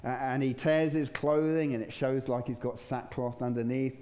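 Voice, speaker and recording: This pastor preaches in church with a mid-range, darkish voice, speaking in a level tone at normal speed. His sermon is conversational, with occasional chuckles and voices acted out during stories.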